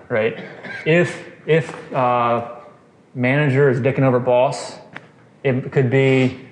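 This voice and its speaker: In a roomy, echoey recording with faint noise, a man teaches scripture conversationally at a casual Bible study, quizzing listeners and checking in with "okay" and "right." His mid-range voice keeps a steady tone at a measured pace.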